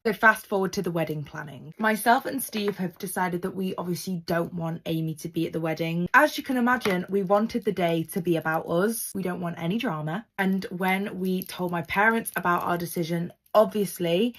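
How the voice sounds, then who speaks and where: A young woman in her twenties, a content creator, telling a personal story in a chatty, gossipy, emphatic way. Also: lowish voice. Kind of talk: casual storytime narration.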